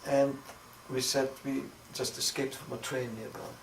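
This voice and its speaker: An older man with a Viennese accent telling his story in an oral history interview, with measured storytelling and vivid recalled dialogue. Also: medium pitch, monotone, vocal fry. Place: interview room. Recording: roomy, distant mic with noise.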